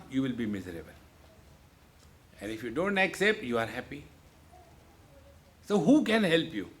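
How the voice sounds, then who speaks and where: Man, spiritual teacher, slightly raised pitch, playful joking talk, unhurried delivery. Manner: jovial, repeats "see, friends", playful asides. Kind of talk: humorous spiritual discourse. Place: lecture hall.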